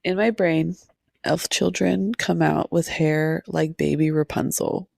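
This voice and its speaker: A woman co-hosting a podcast, chatting casually with giggly, animated asides. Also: low voice, unhurried, gravelly, no room sound, clean studio sound. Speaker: podcast co-host. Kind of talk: casual chat.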